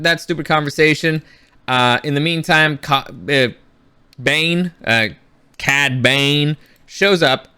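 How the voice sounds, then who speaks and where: A man giving a casual, rambling review, sarcastic and quick to act out characters' lines. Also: a little high, bright, forceful tone, clear, resonant tone, no echo. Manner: frequent restarts and fillers, swears when annoyed. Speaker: YouTube reviewer.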